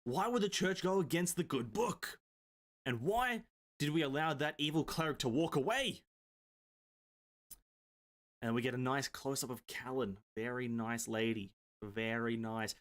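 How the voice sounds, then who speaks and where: A man hosting a gaming video, reading game manga aloud with excitable, profane reactions and stumbling over words. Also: a little high, moderate pace.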